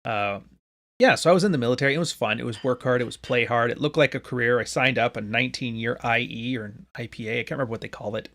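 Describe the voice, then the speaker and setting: A man's voice: mid-range voice, fast talker, a bit bright. A man in his late thirties from Canada, hosting a podcast in loose, joking chat with his live audience, swearing freely. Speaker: podcast host. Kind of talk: casual live-stream talk to a chat.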